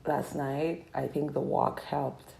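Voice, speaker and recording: A woman's voice: sits low, steady tone, slow, vocal fry, dark tone, low-quality recording. A young woman vlogging a casual, meandering life update, her throat sore and strained from talking. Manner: meandering, reflective, trailing off.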